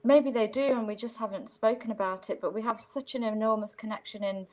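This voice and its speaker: A woman's voice: fairly high pitch, steady tone, a little fast. Woman guest, casual rambling storyteller, video-call sound. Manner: rambling, many fillers.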